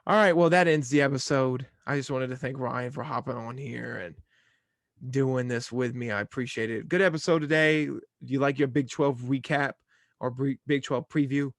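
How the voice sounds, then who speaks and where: A man's voice: mid-range voice, normal speed, no echo, studio quality. A young man hosting a casual sports podcast, talking in an easygoing, rambling way. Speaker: podcast host.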